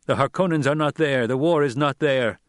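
A man's voice: medium pitch, dry recording, clean studio sound, voice pushed up, lightly acted. Paul, a man voicing a cold young duke. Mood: firm. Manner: slow, cold, commanding delivery.

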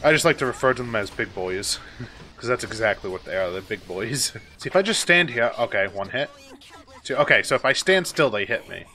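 A man's voice: medium pitch, lively intonation, brisk, bright, forceful tone. A man giving casual let's-play commentary, exasperated and swearing often as he talks back at the game. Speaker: gaming YouTuber.

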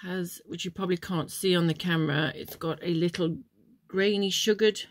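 Steady in tone and moderate in pace, this vlogger's fairly low voice comes through a dry recording. She chats about the chocolates she's tasting and reviewing, drifting into memories with lots of ums.

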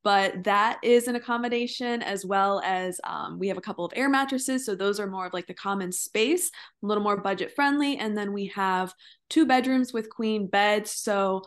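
A woman's voice: mid-range voice, moderate pace. A woman talking as a podcast guest, a yoga teacher, chatting casually in a bubbly, rambling way with many fillers. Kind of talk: casual interview chat.

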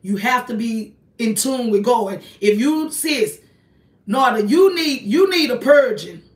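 An online ministry host preaches to viewers in a casual livestream from her small apartment, emphatic and repetitive. Her voice is a little high and a little slow with lively intonation. The room is echoey and she sits off-mic, so she sounds distant.

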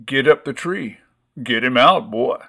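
A man voicing a strong adult farmer who coaxes a boy in a gruff but gentle way. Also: medium pitch, animated, a little slow, full character voice. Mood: impatient.

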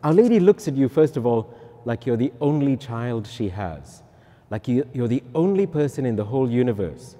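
Mellow-voiced man telling a story in an echoey hall. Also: medium pitch, normal speed. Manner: lively storytelling with self-mocking asides. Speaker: priest. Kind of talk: personal testimony talk.

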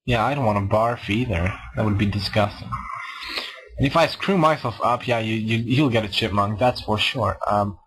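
A man's voice: on the low side, normal speed, a bit bright, a little hiss or hum, poor audio. A man casually commenting on his own gameplay, rambling and self-mocking as he talks to himself. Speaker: let's play gamer.

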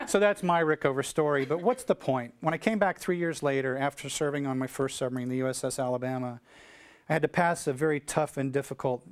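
A middle-aged American man giving a keynote speech, telling a story and acting out the dialogue with lively energy. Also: mid-range voice. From United States. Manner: animated storyteller acting out dialogue, shouting cheers. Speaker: keynote speaker.

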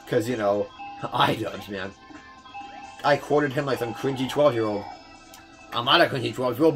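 A young man giving casual gameplay commentary, fast-talking, swearing, often stumbling over words. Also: mid-range voice, fairly bright tone, soft background music. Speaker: let's player.

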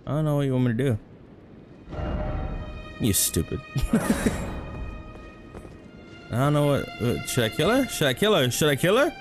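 A man giving casual, excitable gameplay commentary, swearing, joking and reacting loudly. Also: medium pitch, normal speed, pauses often. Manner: excitable, swears, jokes and laughs. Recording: voice over game music.

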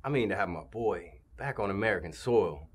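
A man's voice: lowish voice, brisk, slightly rough. An actor playing a cheerful young man who brags and jokes among friends. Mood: warm. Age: young adult. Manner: bragging, animated.

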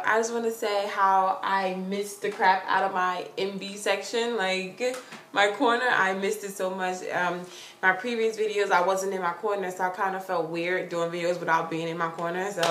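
A young woman vlogging from her corner at home, telling a story in a gushing, excitable way with lots of "like". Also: medium pitch, normal speed. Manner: excitable, gushing, heavy use of "like". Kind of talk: casual storytelling vlog. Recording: roomy sound with faint hiss.

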